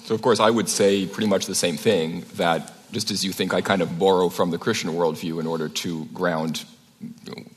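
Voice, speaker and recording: A man arguing at a live public debate, quick and questioning as he presses his point. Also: low-pitched, fairly even intonation, breathy edge. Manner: fast, questioning, argumentative. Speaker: debate speaker. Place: event hall with audience. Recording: long reverb of a hall.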